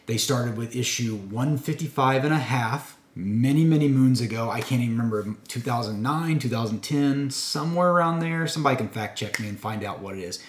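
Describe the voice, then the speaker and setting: A man's voice: medium pitch, a little fast, few pauses. Casual male comic reviewer, rambling and chatty, mid-range voice, echoey room. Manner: chatty, rambling with fillers and self-corrections.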